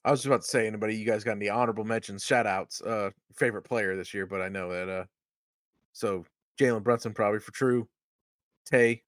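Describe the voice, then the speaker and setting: Guy running a hoops podcast, playful, asking everyone for shout outs, dry sound. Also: fairly low pitch, fairly even intonation, quick pace, no room sound. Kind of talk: casual sports chat.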